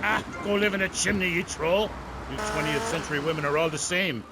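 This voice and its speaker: A man's voice: fairly high pitch, fairly quick, background noise, close to an everyday voice. An actor playing Thor, a boastful, crude male Viking guest on a radio talk show, speaking in archaic boasts.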